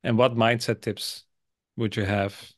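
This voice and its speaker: A man's voice: on the low side, little pitch movement, measured pace. A man from the Netherlands, hosting a podcast interview in an enthusiastic, casual way full of fillers. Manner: enthusiastic, filler-heavy, laughs often. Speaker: podcast host.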